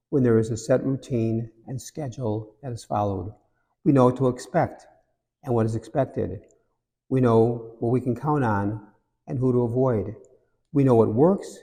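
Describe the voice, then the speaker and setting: A male priest gives a homily in a relaxed, conversational way, mixing jokes with reflection. His voice is mellow and mid-pitched, and it rings with the long reverb of a large cathedral. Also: creaky.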